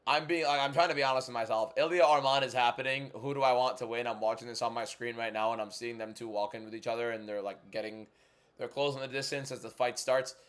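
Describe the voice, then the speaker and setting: Young male streamer, mid-pitch, casual and chatty, answers chat with blunt opinions at a desk mic at home. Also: fairly even intonation, clear, resonant tone. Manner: chatty, frank, quick opinions, reads viewer questions aloud. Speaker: livestream host.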